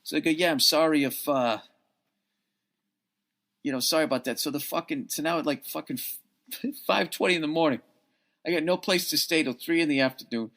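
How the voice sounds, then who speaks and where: An American podcast host speaks into a podcast mic at a laptop, telling a long, profane story in a casual monologue. His slightly high, fairly bright voice moves a little fast with long pauses, and he sounds rambling, exasperated, tired, and worn out.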